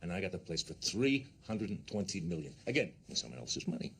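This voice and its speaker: A brash, rambling tycoon barks and brags in a low voice, bossing and interrupting everyone around him. His pitch leaps and dives as he boasts. A faint hiss sits behind him. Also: very animated, fairly quick, creaky, a bit bright, heavily acted. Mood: boastful. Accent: New York. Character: boastful tycoon, crude and bossy, man. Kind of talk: satirical comedy film acting.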